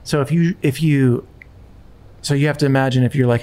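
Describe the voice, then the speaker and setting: A man's voice: mid-range voice, fairly even intonation, quick pace. A man hosting a podcast, chatting casually and rambling with restarts. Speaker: podcast host. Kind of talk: casual chat.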